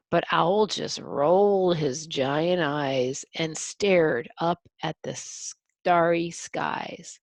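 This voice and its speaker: An older woman, a grandmother, reading a picture book aloud to a child, gently explaining and counting along. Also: sits low, expressive, extremely slow, vocal fry, no room sound.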